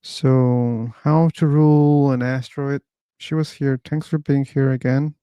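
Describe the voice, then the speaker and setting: Man, livestream host, mellow dark voice, unhurried, halting, reading chat names. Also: mid-range voice, fairly even intonation, clean tone, no echo. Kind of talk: livestream wrap-up, thanking chat.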